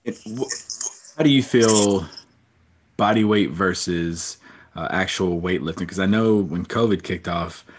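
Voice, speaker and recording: A man hosting a podcast, asking relaxed questions in a casual interview. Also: low-pitched, measured pace, background noise. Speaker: podcast host.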